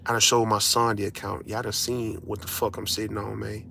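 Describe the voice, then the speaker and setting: A man's voice: lowish voice, level tone, fairly quick, vocal fry, pushed and bright, a little hiss or hum. A father ranting to his audience in a casual monologue, blunt and profane, hammering his points with repeated phrases.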